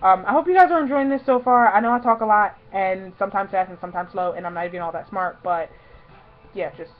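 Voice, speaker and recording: Woman in her twenties, casual vlog storytelling, lots of "like", loud replayed lines, muffled lo-fi sound. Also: medium pitch, fast talker. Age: 20s. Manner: chatty, fills talk with "like", acts out her own past lines loudly. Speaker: vlogger.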